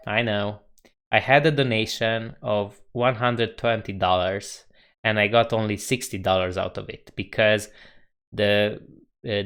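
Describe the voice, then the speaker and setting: A man chatting casually on a live coding stream, reading viewer comments aloud with a relaxed manner and frequent chuckles. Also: fairly low pitch, vocal fry, clear, resonant tone. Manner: relaxed, chuckles often, reads chat aloud.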